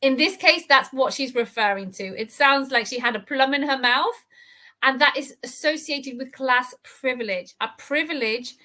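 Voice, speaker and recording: A woman teaches English in a bright, lightly raised voice. She reads an article and slows down to explain each tricky word with care, sometimes stretching a term out. Her tone stays clear and steady. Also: sits high. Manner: explains words slowly and carefully, stretching key terms. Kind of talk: reading lesson with explanations.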